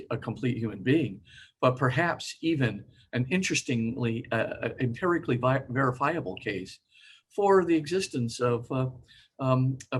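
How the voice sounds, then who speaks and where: An older man giving an informal lecture, halting with many fillers and sometimes acting out quoted voices. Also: mid-range voice, slight background noise.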